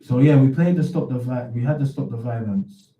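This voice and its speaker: A man's voice: medium pitch, brisk, reverberant, far from the mic, highs cut off. A man hosting a radio show in a casual, rambling way, full of slang and repeated words. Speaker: radio host.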